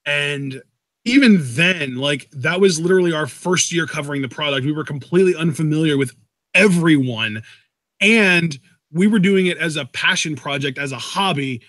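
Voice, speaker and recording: A man with a fairly high voice talks through a live wrestling show, mixing chatty trivia with quick calls of the moves. The sound is dry and close to the mic. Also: fairly bright tone, dry recording. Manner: chatty, fact-checking, quick play-by-play. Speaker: co-host, wrestling commentator. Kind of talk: casual live reaction commentary.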